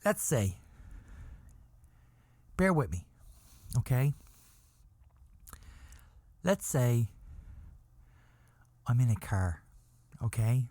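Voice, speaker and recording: A male podcast host spins a comedic monologue at an unhurried, drawn-out pace. His voice sits in an ordinary middle register. He circles back on himself, restarts his sentences and keeps asking the listener to bear with him, all in a dry, close-sounding room. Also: medium pitch, big pitch swings, a little mellow, no echo. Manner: rambling, keeps checking in with "okay?"; repetitive restarts, builds up slowly.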